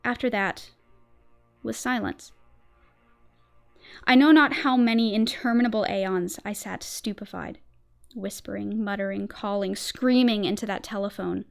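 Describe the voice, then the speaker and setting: A woman streamer doing a theatrical reading of a horror story, her narration tense and swelling in volume at dark moments. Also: medium pitch, unhurried, gravelly, long pauses, faint music behind.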